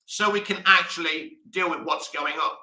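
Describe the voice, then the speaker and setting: A man's voice: fairly high pitch, normal speed, bright, forceful tone, roomy sound, distant mic. A man hosting a live movie news stream, talking passionately and rambling straight to his viewers. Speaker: movie news channel host.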